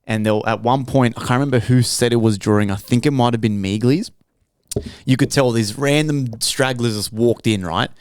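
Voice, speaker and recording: A man's voice: medium pitch, moderate pace, darkish tone, smooth, no echo, clean studio sound. A man hosting a podcast, telling stories in a blunt, swearing, casual way. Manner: blunt, profane storytelling. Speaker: podcast host.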